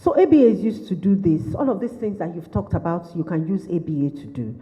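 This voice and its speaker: A woman's voice: on the low side, sing-song, fast, dark tone. A woman trainer giving a workshop lecture to caregivers, firing off repeated questions and restating her points. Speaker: behaviour management trainer. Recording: lo-fi recording with long hall reverb.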